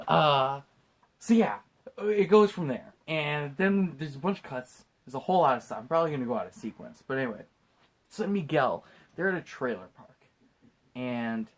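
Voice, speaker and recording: A tipsy man on a podcast, recounting a film scene by scene. His pitch swings widely as he jumps into loud put-on voices for the characters, then drops back to his plain chatty tone. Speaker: podcast host. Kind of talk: casual movie recap chat.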